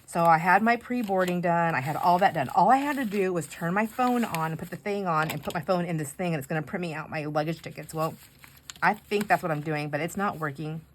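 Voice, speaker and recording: A chatty woman tells a long, rambling story as she decorates pages, breaking off now and then to remark on her supplies. Her voice sits on the lower side. A faint hiss runs under the close recording. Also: brisk. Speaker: craft vlogger. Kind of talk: casual chat while crafting.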